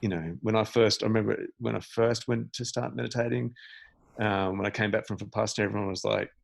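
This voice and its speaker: Male meditation teacher, podcast guest; low, gravelly, animated and emphatic. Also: brisk, dry recording. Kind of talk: casual podcast conversation.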